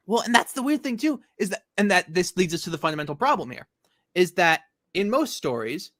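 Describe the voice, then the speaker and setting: A man's voice: high-pitched, big pitch swings, fairly quick, a bit bright, dry recording, studio quality. A man co-hosting a casual comic discussion, sarcastic and rambling, swearing freely. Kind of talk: casual chat.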